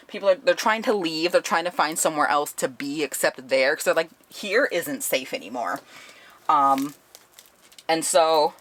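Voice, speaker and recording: Brief: lively, foul-mouthed woman book reviewer, low voice. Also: no room sound. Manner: animated, profane, laughing often.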